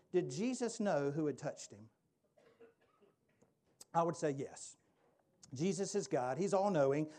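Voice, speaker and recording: A man preaching a sermon, swinging between lively emphasis and quiet, slow intensity. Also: a little high. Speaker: pastor. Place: church or meeting room with a live audience.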